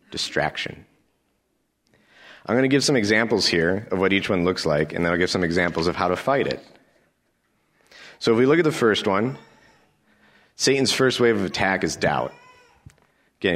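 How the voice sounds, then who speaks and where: A man's voice: on the low side, fairly bright tone. A male pastor giving a sermon, emphatic and rhetorical, with lots of repetition.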